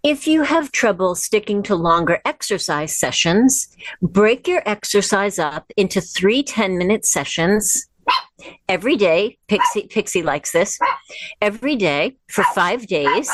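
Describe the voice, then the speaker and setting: A woman's voice: mid-range voice, animated, no room sound. Chatty woman coaching from home. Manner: chatty, encouraging, slows down for imagery. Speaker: wellness host. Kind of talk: casual instructional livestream. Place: at home with her dog. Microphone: device camera.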